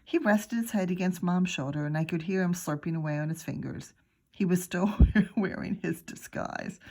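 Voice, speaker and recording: A middle-aged woman teacher reading a children's book aloud with expressive, chatty asides. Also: lowish voice, vocal fry, slight background noise. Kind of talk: read-aloud storytelling for children.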